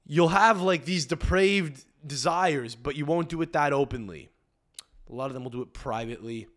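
A man's voice: on the high side, normal speed, fairly bright tone. A man hosting a comedy podcast, ranting in a rambling, profane way with lots of fillers and restarts. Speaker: podcast host.

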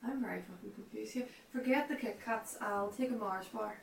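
A woman's voice: medium pitch, a little fast, creaky, slight background noise, natural voice. An actress playing a brash young woman customer at a shop counter, who argues bluntly and swears in an audition scene. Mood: baffled. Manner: blunt and sweary, baffled arguing. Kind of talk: self-tape audition scene. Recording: echoey, distant phone playback with faint ambience.

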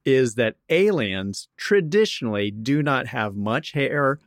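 Dry-humored guy in his 50s, bouncy lively pitch, dead dry close sound. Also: slow, dry recording. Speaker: podcast co-host. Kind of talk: casual chat.

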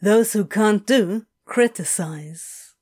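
A woman's voice: medium pitch, slow, darkish tone, husky. A woman voicing an aloof, sardonic man who talks in a curt, drawling way. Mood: dry.

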